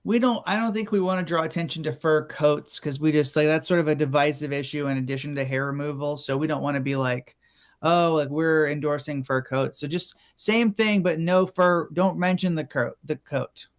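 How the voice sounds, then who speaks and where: A man's voice: on the high side, fairly quick, few pauses. A man improvising a fussy casting director who keeps interrupting auditions over a video call. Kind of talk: improv comedy scene.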